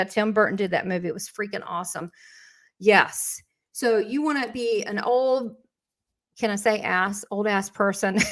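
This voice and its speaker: A woman's voice: fairly high pitch, a bit bright. A woman hosting a live spiritual lesson, talking in a rambling, conversational way with restarts and asides, and turning encouraging and motivational. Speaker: host and spiritual teacher.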